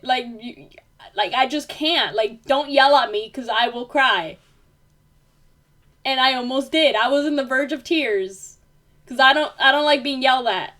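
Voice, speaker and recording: Young woman venting to the camera, kinda high voice, lots of "like" and "um", gets fired up and emphatic. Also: lively intonation, unhurried, a bit bright. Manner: rambling, many fillers, grows heated and emphatic when ranting. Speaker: vlogger. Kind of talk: casual venting monologue.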